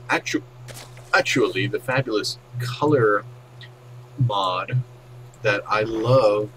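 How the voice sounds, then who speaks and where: A man's voice: fairly low pitch, background noise. A man casting a game replay in a goofy, rambling, self-mocking way. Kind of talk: casual game commentary.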